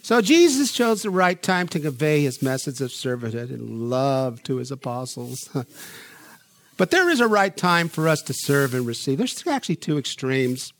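In a dry recording, a middle-aged pastor with a fairly high voice preaches a sermon. He tells stories with animation and acts out the voices of the people he quotes.

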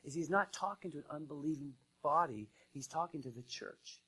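A man preaching a sermon in a conversational style, rising to loud emphasis and dropping to quiet asides. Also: a little high, fairly quick, husky, low-quality recording. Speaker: pastor.

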